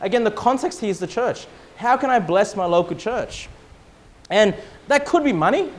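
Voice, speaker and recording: A high-pitched male pastor with an Australian accent delivers a sermon in church. He slows right down and lifts his voice for scripture, then speaks more plainly between the verses, his voice climbing sharply on points he stresses. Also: animated, slight background noise. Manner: emphatic preaching, reads scripture slowly and loudly.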